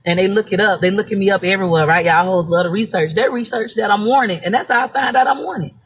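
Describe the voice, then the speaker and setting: A woman talks in a loose, unscripted live-stream monologue, blunt and heavy on profanity. Her pitch sits in an ordinary middle range. A faint hum of ambient noise runs underneath. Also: fast talker. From Florida. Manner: blunt, profane, emphatic storytelling. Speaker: social media personality.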